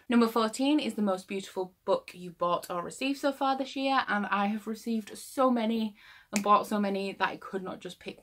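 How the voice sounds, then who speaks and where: A woman's voice: fairly low pitch, fairly bright tone. A young woman book vlogger chatting casually to camera, gushing with enthusiasm and trailing off mid-thought.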